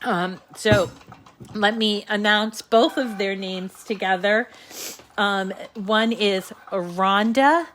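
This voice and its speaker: A woman's voice: mid-range voice, slow, fairly bright tone, slight background noise. A woman with a New England accent hosting a live crafting show, chatting with viewers in a casual, filler-filled way.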